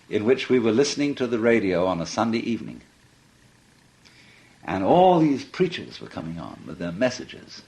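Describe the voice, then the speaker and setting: A man's voice: on the low side, slight background noise. A man giving a reflective philosophy talk, musing and playful, often laughing as he speaks. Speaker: philosophy lecturer. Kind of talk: reflective archival lecture.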